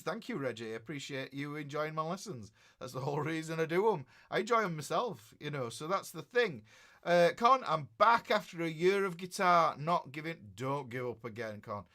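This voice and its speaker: A man's voice: a little high, a bit bright. A middle-aged man, a guitar teacher chatting casually on a livestream and reading out viewer comments in a rambling way.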